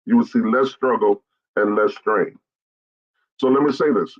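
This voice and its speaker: A middle-aged bishop delivers a blunt straight-talk message to fellow pastors, hammering his points home by repeating them. His voice is low and husky. The live-stream audio sounds dull and lo-fi. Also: animated, moderate pace.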